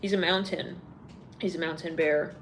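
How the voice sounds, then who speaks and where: A woman's voice: low voice, steady tone, moderate pace, a little hiss or hum. Rambling, blunt woman tarot reader. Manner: rambling and blunt, full of "like" and swearing. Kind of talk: casual live tarot reading.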